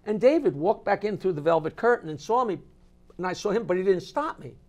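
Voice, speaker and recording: An older man, a comedian, telling stories and jokes as a talk show guest in an animated way. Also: high-pitched, a little fast. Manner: animated joke teller with big swings. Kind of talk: storytelling in a live talk show.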